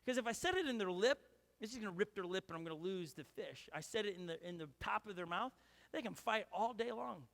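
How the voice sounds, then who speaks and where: A man preaching a sermon with a high voice. He talks casually and rambles, full of fillers and restarts. His voice rings with a long reverb through the church hall. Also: expressive, quick pace, gravelly, a bit bright. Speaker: pastor.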